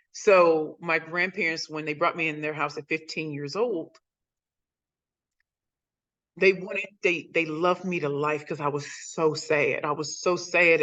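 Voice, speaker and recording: Speaking as a guest on a video call, a woman in her forties from St. Louis, USA, tells her motivational life story with emphatic, repeated phrases. She has a low voice with a fairly bright tone, and the recording sounds muffled.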